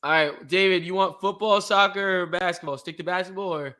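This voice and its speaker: Excitable high-voiced young man chatting sports. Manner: excitable, trash-talking, quick to shout. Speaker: podcast co-host. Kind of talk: casual sports chat.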